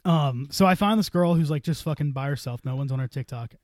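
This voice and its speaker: A man's voice: on the high side, fairly quick, no room sound, clean studio sound. A man telling a long story on a casual podcast, swearing freely and acting out the dialogue. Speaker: podcast co-host.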